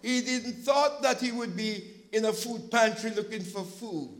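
A male preacher giving an impassioned sermon, telling stories from his church's food pantry and at times rising to a shout. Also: high voice, measured pace, rough recording. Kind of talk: sermon with storytelling.

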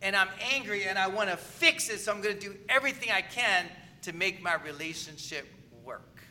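A man's voice: high voice, fairly quick, sharp tone. A man preaching a sermon as pastor, in a conversational manner, often asking the congregation whether they agree.

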